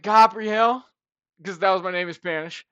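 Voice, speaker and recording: A young man co-hosting a podcast, telling stories in a loud, animated, profane way. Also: high-pitched, normal speed, no echo, dull audio. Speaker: podcast co-host. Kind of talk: casual chat. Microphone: podcast mic.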